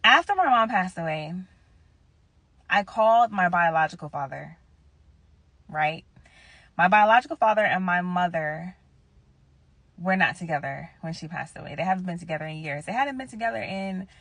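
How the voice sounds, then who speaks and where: A woman's voice: fairly low pitch, lively intonation, normal speed, no room sound. A woman in her thirties telling a personal story in a casual vlog. She talks bluntly and with emphasis, swears freely and speaks straight to her viewers. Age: 30s.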